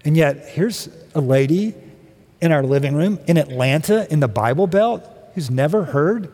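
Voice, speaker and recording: A middle-aged man preaching in a church, telling stories with easy humor. His fairly high voice carries through the long reverb of a big hall. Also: animated, moderate pace, mellow. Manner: conversational storytelling with humor. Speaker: guest speaker. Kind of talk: sermon. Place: church sanctuary.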